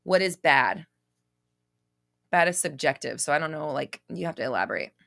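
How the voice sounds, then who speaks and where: A woman's voice: sits low, expressive, normal speed, creaky, a bit bright. A woman hosting a casual live question-and-answer stream, reading viewer comments aloud and answering in a blunt, profane way.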